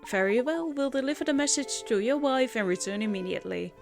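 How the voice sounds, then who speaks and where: A woman voicing a calm, courteous gentleman professor in a video game, measured in manner. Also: a little high, creaky, music in the background.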